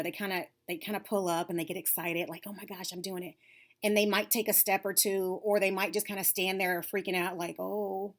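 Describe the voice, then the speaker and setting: Upbeat woman coaching young girls. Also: lowish voice. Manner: warm, upbeat, coaching, drops to whispers for emphasis. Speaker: lead facilitator for girls' self-esteem class. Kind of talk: encouraging talk to young girls.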